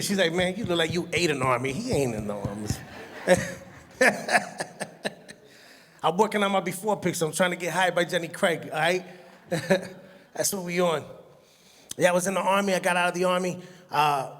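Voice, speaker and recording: A stand-up comedian, telling animated stories and laughing at his own jokes. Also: high voice. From Brooklyn, New York. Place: comedy stage in a hall. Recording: long hall reverb from a live venue.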